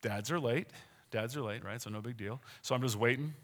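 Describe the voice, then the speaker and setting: A man's voice: medium pitch, a little fast, a bit bright. A middle-aged man preaching a sermon in a conversational, emphatic way, often asking his listeners questions.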